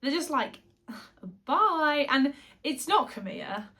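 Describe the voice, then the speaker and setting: Chatty gossiping woman, slightly high voice. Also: lively intonation, a bit bright. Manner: chatty, gossipy, with quick asides and self-corrections. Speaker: pop singer and vlogger. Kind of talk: casual chat to camera.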